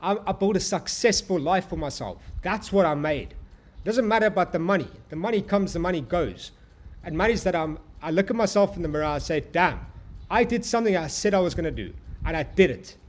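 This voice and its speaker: A young man with a slightly raised pitch hosts a live trading stream, calling out to his chat as "bro". He talks in a hyped, profane, motivational way, pushing viewers to believe in themselves. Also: animated, a little fast. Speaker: trading livestream host.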